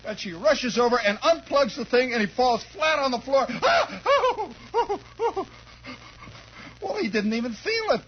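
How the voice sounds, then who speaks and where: A male radio host telling a rambling comic childhood story in an animated, chuckling, conversational way, on a dull lo-fi 1960s radio recording. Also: fairly high pitch, a little hiss or hum.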